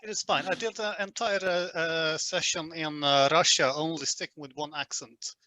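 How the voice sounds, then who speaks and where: A man's voice: fairly high pitch, fairly even intonation, moderate pace, sharp tone, poor audio. A man hosting and running a history-themed tabletop role-playing game as game master, opening the show in an upbeat, announcer-like way.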